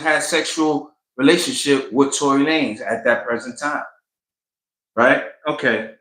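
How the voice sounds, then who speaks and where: Male commentary host, bright tone, colloquial and animated, echoey room. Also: fairly high pitch. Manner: animated storytelling, colloquial, acts out quotes. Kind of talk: casual commentary.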